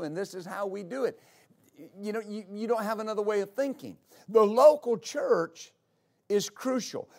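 A high-pitched man preaching a sermon as pastor of his church. He hammers home key lines by repeating them, his delivery rising to emphatic peaks.

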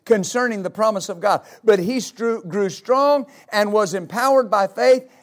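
A male pastor preaching a sermon, rising into repeated, shouted exhortations to his congregation. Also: high voice, normal speed. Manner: builds to shouted, repetitive exhortation.

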